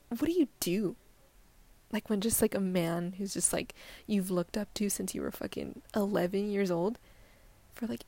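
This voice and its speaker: A woman's voice: medium pitch, a little mellow, no room sound. A young woman hosting her own solo podcast, rambling casually with lots of fillers and swearing, often dropping to a near-whisper. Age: young adult. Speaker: podcast host.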